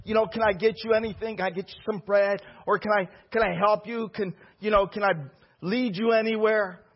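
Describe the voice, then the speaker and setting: A preacher mimicking a fawning eager follower. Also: male voice, high-pitched, fairly even intonation, a little fast, lo-fi sound. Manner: fussy, eager to please. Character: fawning, overeager male follower fussing over Jesus.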